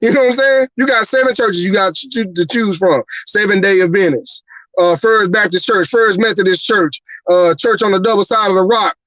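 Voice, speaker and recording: A man with a high-pitched voice tears into a heated, profane podcast rant. He hammers the same rhetorical questions over and over, recorded dry and close. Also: moderate pace, fairly bright tone, no room sound, rough recording. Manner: profane, rhetorical, repeating "you mean to tell me". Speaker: podcast host. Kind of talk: angry atheist rant on a live podcast.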